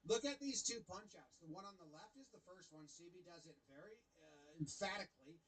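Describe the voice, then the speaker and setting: A young man casually commentating baseball highlights, animated and playfully mocking the umpire. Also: fairly quick, slightly rough, poor audio.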